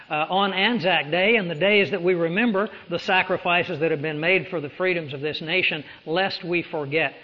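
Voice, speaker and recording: A man preaching a sermon, earnest and urgent, asking rhetorical questions. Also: on the high side. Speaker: pastor. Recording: dull lo-fi sermon recording.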